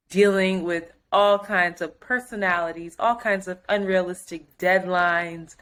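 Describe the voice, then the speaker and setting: A woman co-hosting a podcast, telling a story in casual chat, animated and profane, acting out other people's quotes. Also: lowish voice. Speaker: podcast co-host.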